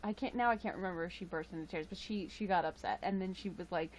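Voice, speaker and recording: A tired woman hosts a livestream, chatting casually with viewers into a webcam mic, rambling with frequent chuckles and fillers. Her voice is on the low side and quick, with slight background noise.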